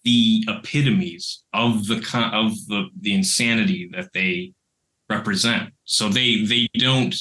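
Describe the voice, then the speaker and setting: Guy w a lowish but really bright voice, rambles and swears, laid back podcast chat. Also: unhurried, poor audio. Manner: animated, rambling, swears casually. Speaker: podcast co-host. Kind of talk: casual podcast discussion.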